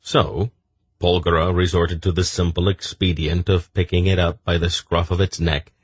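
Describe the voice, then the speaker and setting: A man narrating an audiobook in a measured, even storytelling manner. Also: deep voice, husky, no room sound. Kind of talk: scripted narration.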